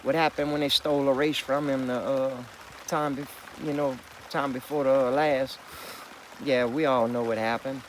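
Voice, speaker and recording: A man's voice: mid-range voice, flat delivery, moderate pace, slight background noise, poor audio. A man vlogging in a rambling, profane, emphatic monologue, calling listeners partner and boy. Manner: folksy address with "partner" and "boy".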